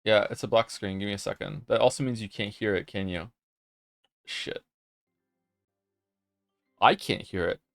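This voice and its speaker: This young streamer has a gravelly, fairly low voice, speaking at normal speed with long pauses and a slightly bright tone. He rambles in casual chat with viewers, reads their messages aloud, and gets flustered sometimes. The studio sound is clean with no room noise, and faint music plays behind him.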